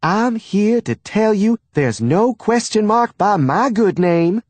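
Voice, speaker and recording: A man voicing a bossy, gossiping middle-aged mother, in a sharp, domineering manner. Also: mid-range voice, expressive, slow, no room sound, voice pushed up. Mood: scolding.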